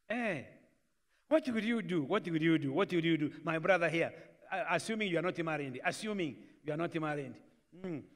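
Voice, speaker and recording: High-voiced Kenyan man preaching, code-switches into Swahili and plays out family scenes, reverberant church live stream. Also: animated, fairly quick, a bit bright. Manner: mixes Swahili into English, acts out family dialogues. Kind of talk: sermon. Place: church hall.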